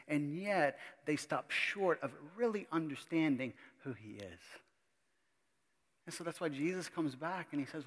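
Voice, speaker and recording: A pastor giving a sermon, talking to the congregation in a conversational, emphatic way with many repetitions. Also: male voice, a little high, normal speed, big-room sound.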